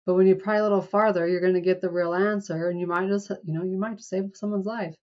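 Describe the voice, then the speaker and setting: A woman's voice: lowish voice, fairly even intonation, fast. Woman host on a dull lo-fi line. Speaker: podcast host. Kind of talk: interview podcast chat.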